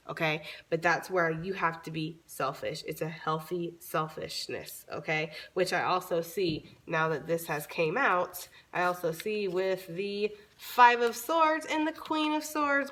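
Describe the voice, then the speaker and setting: A woman doing a casual tarot reading for her viewers, chatty and informal, swearing freely, her voice a little raspy from long talking. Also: lowish voice, fairly bright tone. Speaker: tarot reader.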